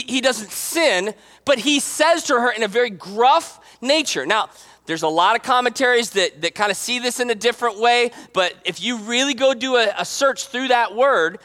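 A man preaching a casual, joking sermon in an animated, conversational way. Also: very high-pitched. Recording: long hall reverb.

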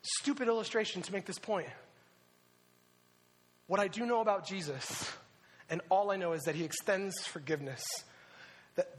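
A young man preaching a sermon to youth, telling a story in an animated way with sudden excited shouts. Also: high voice, in a large hall. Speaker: youth pastor.

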